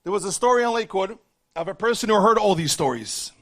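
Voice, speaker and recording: A man's voice: high voice, lively intonation, fast. A man teaching a religious class, speaking earnestly and urging his listeners, with many Hebrew terms mixed in. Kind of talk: religious lesson.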